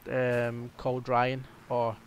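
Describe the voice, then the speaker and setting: A young Scottish man chats through his gameplay in a hesitant, meandering way, filling gaps with ums and restarts. His voice sits at an ordinary pitch but barely rises or falls. A faint hiss runs under his voice. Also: monotone, takes it slowly. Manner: rambling and hesitant, many ums. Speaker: gaming commentator. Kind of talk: casual gameplay commentary.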